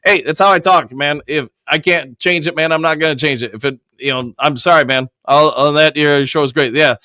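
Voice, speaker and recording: A man's voice: a little high, steady tone, brisk, pushed and bright, no echo. A man hosting a live sports fan stream, reading viewer comments aloud and answering them in a loose, filler-heavy way, with some audible lip smacking. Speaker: host reading viewer chat. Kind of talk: casual live-stream chat.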